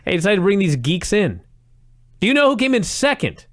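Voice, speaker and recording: An animated man co-hosting a podcast, talking over old wrestling shows with a sarcastic edge and frequent laughs. His pitch sits a little high and swings widely, and the sound is dry and close with no room echo. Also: a little fast. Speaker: podcast co-host. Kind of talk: casual chat reviewing old wrestling.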